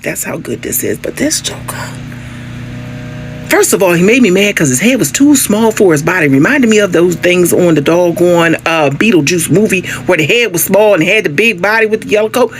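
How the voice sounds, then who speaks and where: A woman chatting casually about a show, animated and swooping high on her exclamations. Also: normal speed, gravelly, slight background noise. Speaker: show reviewer. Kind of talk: casual reaction chat.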